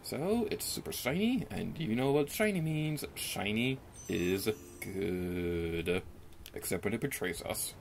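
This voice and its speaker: A young man giving casual let's play commentary into a desk microphone, chatty and self-mocking, with sudden pitch jumps when he gets excited. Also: moderate pace, creaky, hardly any pauses, slight background noise.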